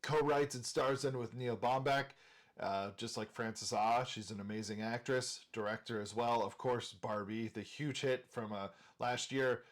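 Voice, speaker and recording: A man's voice: mid-range voice, steady tone, measured pace. A man from Minnesota hosting a movie channel, talking casually and enthusiastically while ranking film directors, with frequent filler words.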